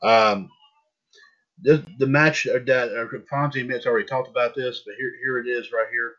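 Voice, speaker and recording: A man hosts a loose wrestling chat, tossing questions to his co-hosts between fillers and restarts. His voice sits in a middling pitch. The audio is a little muffled and lo-fi. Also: steady tone, fairly bright tone. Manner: halting, many restarts and fillers. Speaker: podcast host.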